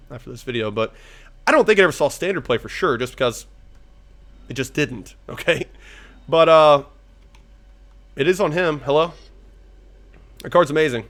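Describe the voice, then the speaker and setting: A young man talking his way through a card game, swearing freely and rambling as he weighs each play. His voice sits a little high for a man. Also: a bit bright. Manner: rambling, profane, thinking aloud. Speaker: gaming YouTuber. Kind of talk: casual gameplay commentary.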